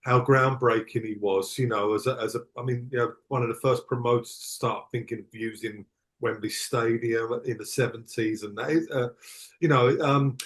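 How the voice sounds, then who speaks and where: A middle-aged man reminisces as a podcast guest, mid-pitched and reflective. He rambles and restarts his sentences as he talks things through. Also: fairly even intonation, moderate pace. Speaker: guest, tour manager. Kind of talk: casual chat.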